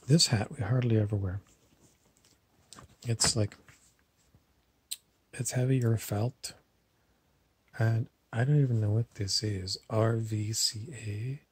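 A man's voice: fairly low pitch, fairly even intonation, slow pace, long pauses, a little hiss or hum. A man telling meandering, digressive stories in a casual monologue to camera. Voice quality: husky.

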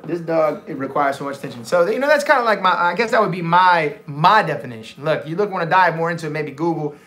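A man with a Cajun Louisiana accent that blends in a New Orleans twang talks loosely to his live cooking viewers. His voice sits a little high for a man. He rambles and restarts his sentences, filling the gaps with easy asides. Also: lively intonation, fast, pushed and bright. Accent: Louisiana Cajun, mixed with New Orleans. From Louisiana, USA. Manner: rambling, chatty, many restarts and fillers. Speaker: cooking livestream host. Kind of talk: casual chat on a livestream.

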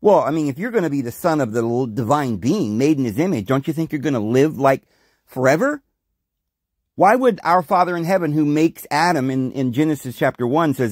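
A man's voice: on the high side, moderate pace, no echo. Man, podcast host, scripture reading with commentary, rhetorical, dry sound. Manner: animated, rhetorical questioning.

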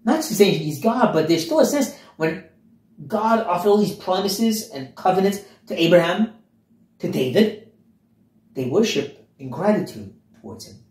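Animated man teaching scripture, echoey room. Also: high-pitched, moderate pace. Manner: animated, emphatic, asks listeners rhetorical questions. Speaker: Bible teacher. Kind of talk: expository Bible teaching.

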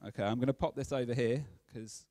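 A man's voice: medium pitch, fast talker, warm tone, no room sound. A man giving a casual, conversational sermon as a preacher, often checking in with his listeners. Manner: chatty, checks in with "okay?" often.

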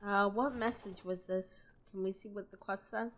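Easygoing woman gamer, casual commentary, soft and unhurried. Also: mid-range voice, fairly even intonation.

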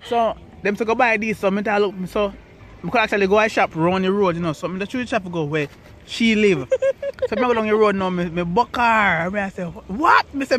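A young Jamaican man casually telling the story of how he met his partner, animated and jumping high when he quotes himself. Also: a little fast. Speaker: vlog co-host telling a couple's story.

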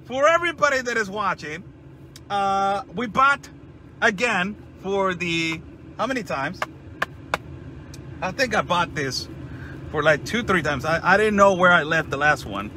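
Sarcastic guy vlogging, high bright voice jumping all over, faint street noise behind. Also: a little slow, long pauses. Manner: mocking, mock-excited, loud outbursts. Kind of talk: sarcastic vlog monologue.

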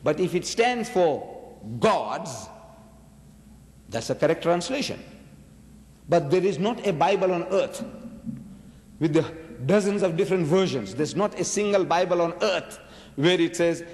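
A man giving an emphatic religious debate lecture to an audience, full of rhetorical questions and big swings in pitch, slowing down to stress his points. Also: a little mellow. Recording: reverberant hall recording.

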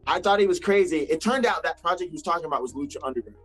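A man, a wrestler, telling stories in a casual interview over a video call, acting out quotes with big jumps in pitch. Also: animated, racing, a bit bright, slightly rough, faint music behind. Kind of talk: casual storytelling.

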